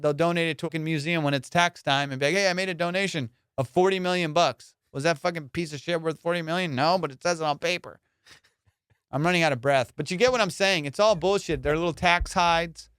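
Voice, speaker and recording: A man hosting a comedy podcast, ranting in a casual, profane, animated way and slipping into mock voices. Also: a little high, quick pace, smooth, dry recording, studio quality. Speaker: podcast host.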